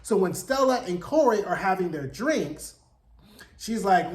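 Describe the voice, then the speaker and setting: A man hosting a casual, chatty TV recap, telling the plot in a gossipy, animated way with slangy asides. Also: high voice, a little slow. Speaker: TV recap host. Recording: roomy echo.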